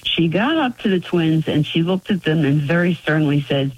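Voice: mid-range voice, expressive, normal speed, low-quality recording. A caller from Florida telling a family story on a radio call-in show, chuckling often. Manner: storytelling, warm with frequent chuckles.

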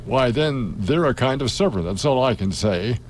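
A man's voice: mid-range voice, expressive, normal speed, slight background noise, natural voice. A man reading a storybook aloud, voicing an indignant female pigeon who shrieks and sneers about serpents. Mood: contemptuous. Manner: shrieking, contemptuous, aggrieved. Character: shrill indignant female pigeon guarding her nest.

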